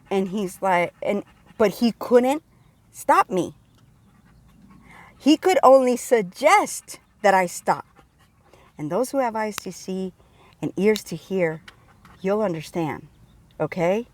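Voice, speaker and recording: A woman telling an excited spiritual testimony in a casual way, often restarting and repeating herself. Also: mid-range voice, slow, pauses often. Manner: excited, repetitive, storytelling with restarts. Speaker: religious vlogger sharing testimony.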